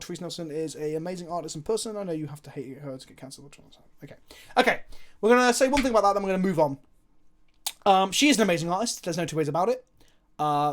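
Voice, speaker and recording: A man streaming a card game live, chatting casually, swearing freely and answering viewers' chat as he plays. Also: on the high side.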